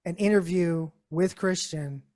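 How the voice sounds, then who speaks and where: A man's voice: high voice, measured pace, darkish tone. A man from Canada co-hosting a podcast, introducing a guest and teasing him in casual chat. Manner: teasing, playful. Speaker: podcast co-host.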